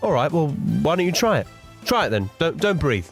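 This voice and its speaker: A man hosting a scripted comedy news show and asking questions in a dry, deadpan way. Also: fairly high pitch, normal speed, faint music behind. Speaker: host.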